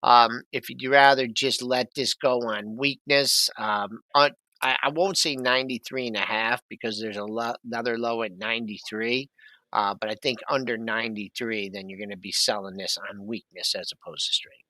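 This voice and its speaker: A man's voice: mid-range voice, fairly even intonation, moderate pace, sharp tone, dry recording. A man co-hosting a live market talk show, rambling casually through price levels with asides.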